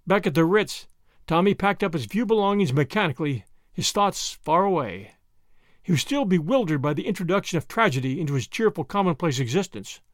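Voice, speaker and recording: A man narrating an audiobook in an expressive storytelling delivery. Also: high-pitched, fairly quick, no room sound, clean studio sound.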